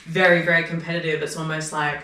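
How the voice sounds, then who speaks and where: A woman's voice: deep voice, fast. An Australian woman on a podcast as a comedian guest, chatting casually and acting out her own quoted lines as she tells stories. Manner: animated storyteller who acts out her own quoted lines. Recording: echoey room, mic far off.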